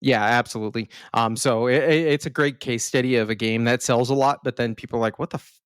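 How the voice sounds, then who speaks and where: A man's voice: medium pitch, fairly even intonation, fairly quick, clear, resonant tone, no room sound, studio quality. A man co-hosting a podcast in casual chat, hesitant, with many ums and restarts.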